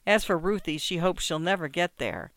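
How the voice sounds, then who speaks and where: Man narrating audiobook, measured, wry, resonant, dry studio sound. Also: sits high, lively intonation, gravelly, fairly bright tone, no room sound. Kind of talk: scripted narration.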